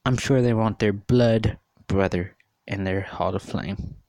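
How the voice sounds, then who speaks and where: A man's voice: fairly low pitch, a little slow, creaky, darkish tone, no echo. A man in his thirties giving an earnest, repetitive opinion monologue, often repeating and questioning. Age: 30s. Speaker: vlogger.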